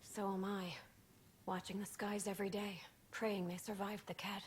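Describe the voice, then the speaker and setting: A woman's voice: medium pitch, flat delivery, moderate pace, close to an everyday voice. A woman voicing a weary junior officer. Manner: weary, hushed, bitter. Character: shaken young female junior officer, a survivor. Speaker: game character.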